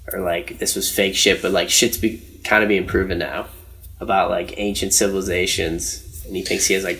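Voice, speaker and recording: A man's voice: deep voice, a bit bright. A young man telling a rambling story in casual podcast chat, with lots of slang and fillers. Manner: rambling, slangy, says "dude" and "like" often.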